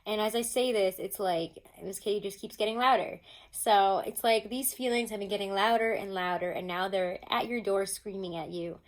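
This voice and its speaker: A woman's voice: mid-range voice, fairly even intonation, moderate pace, rough recording. A woman giving a casual tarot reading at home, talking chattily to her viewers with many fillers. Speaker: tarot reader. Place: home with pets nearby.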